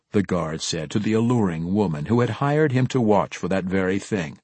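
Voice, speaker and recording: Low husky male audiobook narrator. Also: animated, moderate pace, a little mellow, no room sound. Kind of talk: scripted narration.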